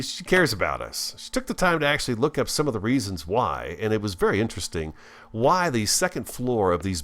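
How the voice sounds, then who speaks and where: A man's voice: lowish voice, fairly bright tone. A man giving casual, folksy commentary while building in a game, chatting to his viewers like friends. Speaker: let's-play host.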